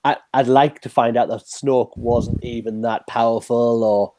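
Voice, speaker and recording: A man co-hosting a podcast in casual chat, excitable and quick to laugh. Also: medium pitch, slight background noise. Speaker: podcast co-host. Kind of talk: casual fan discussion.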